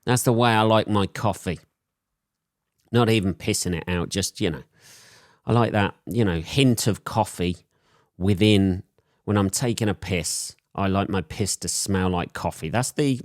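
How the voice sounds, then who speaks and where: A man's voice: low voice, moderate pace, dry recording, clean studio sound. A man with a sore throat from a cold, hosting a solo podcast and rambling in crude, profane jokes. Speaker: podcast host.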